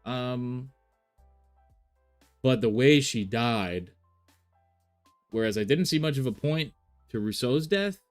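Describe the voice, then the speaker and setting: A man's voice: medium pitch, animated, slow, long pauses, faint music behind. A man chatting casually on a live stream, thinking aloud with many fillers and restarts. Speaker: reaction streamer.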